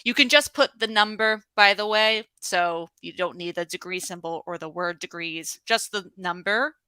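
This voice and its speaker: A woman with a bright, forward voice hosts a virtual trivia night. She is upbeat and chatty, laughs often and fills her pauses. The sound is dry and close. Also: on the low side, clear, resonant tone, no room sound. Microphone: video call.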